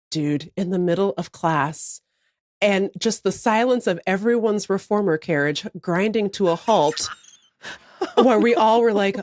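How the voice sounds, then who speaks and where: A woman co-hosting a podcast, telling a story in casual chat, animated and profane. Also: medium pitch, slow pace, no room sound, studio quality. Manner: animated, profane, acts out other people's lines. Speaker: podcast co-host.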